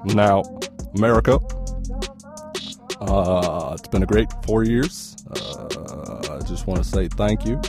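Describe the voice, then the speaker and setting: A man imitating a calm, halting president. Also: lowish voice, over music. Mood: measured, formal. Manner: slow, halting, with long "uh" pauses. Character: calm, measured male president giving a thank-you speech.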